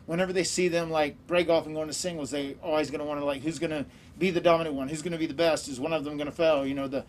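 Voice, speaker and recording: Easygoing male guest, forties, quick and slightly high, casual storyteller; light room noise. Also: steady tone. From American South. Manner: easygoing storytelling, laughs often. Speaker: guest wrestler. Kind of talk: casual chat.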